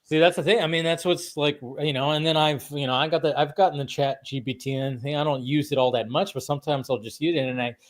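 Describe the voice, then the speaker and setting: A man's voice: a little high, quick pace, hardly any pauses. Rambling casual male podcast host. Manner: rambling, animated, swears freely. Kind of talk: casual chat.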